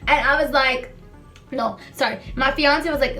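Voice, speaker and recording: A woman's voice: high voice, steady tone, moderate pace, sharp tone, soft background music. A young woman telling a storytime in casual chat, rambling and sassy, swearing freely.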